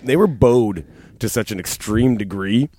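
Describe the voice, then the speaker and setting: A man's voice: lowish voice, expressive, unhurried, warm tone. A man telling laid-back stories in casual chat, swearing and laughing often.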